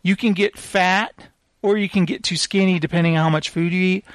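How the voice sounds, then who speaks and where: A man with a high voice chats casually, telling an animated story. The sound is dry and close, with no room echo. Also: a little fast. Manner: animated storytelling, acting out quoted lines. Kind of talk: casual chat.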